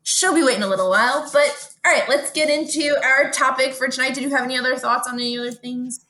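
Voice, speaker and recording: A woman's voice: sits high, fast, bright, forceful tone. A woman, co-hosting a podcast in casual chat, telling stories animatedly and swearing freely. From Brooklyn, New York. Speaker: podcast co-host.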